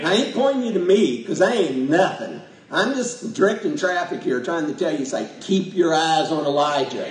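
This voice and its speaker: A man preaching a folksy, emotional sermon to a congregation, laughing often as he talks. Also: high voice. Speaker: pastor. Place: church sanctuary with congregation. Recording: echoey church, voice from far off.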